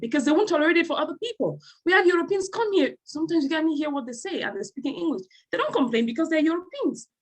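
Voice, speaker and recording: A woman from Africa speaking as a panelist on a video call, emphatic and building to animated peaks. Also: sits high, slightly rough, low-quality recording. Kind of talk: passionate panel discussion.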